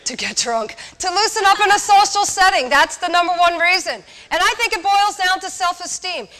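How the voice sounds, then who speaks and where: A woman giving a lively, direct talk to college students, asking the audience questions. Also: high-pitched. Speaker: speaker on alcohol awareness. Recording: echoey hall.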